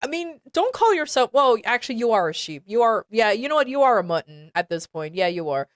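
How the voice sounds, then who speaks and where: A woman's voice: on the high side, very animated, brisk, no room sound, studio quality. A woman streamer reading a fan fiction aloud with commentary, stumbling over words and sounding exasperated.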